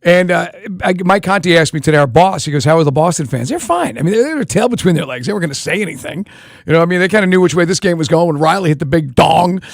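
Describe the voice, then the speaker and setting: Fast-talking sports radio man. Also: on the high side, gravelly, no room sound, studio quality. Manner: rapid, rambling, animated. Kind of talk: casual sports talk.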